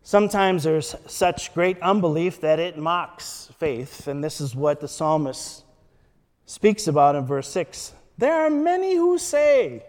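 A man preaching a sermon, slow and measured, reading scripture quotes with emphasis. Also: a little high, lively intonation, a little mellow, long reverb tail.

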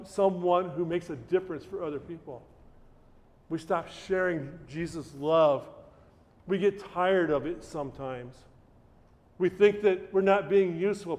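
A man's voice: sits high, long reverb tail. A middle-aged man, preaching a sermon as a pastor and telling a personal story in a conversational way, often restarting his phrases.

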